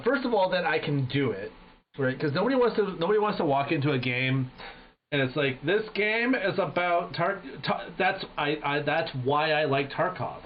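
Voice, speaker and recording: A fairly high-voiced man chatting to his stream viewers, swearing freely and acting out his stories with lively energy. The audio is dull and lo-fi, with faint background noise. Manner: animated, profane storytelling, acting out voices. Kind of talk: casual chat to stream viewers. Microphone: headset.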